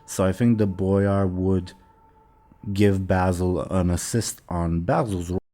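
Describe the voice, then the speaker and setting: A man running a tabletop role-playing game as game master, talking in a relaxed way with hesitant fillers. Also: deep voice, slow pace.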